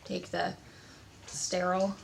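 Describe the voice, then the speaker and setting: A woman's voice: lowish voice, monotone, takes it slowly, vocal fry, a little hiss or hum. A woman chatting casually on a family vlog, explaining things with plenty of restarts. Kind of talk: casual chat.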